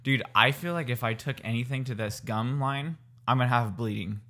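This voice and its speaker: A man in his twenties co-hosts a casual podcast chat, speaking at normal speed in a medium-pitched, bright, forceful voice. New braces give him a slight lisp, and his manner is laid-back and slangy.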